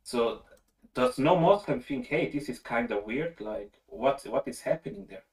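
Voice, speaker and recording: A man's voice: mid-range voice, animated, normal speed. Man, conversational and questioning, roomy echo, distant from mic. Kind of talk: online voice chat.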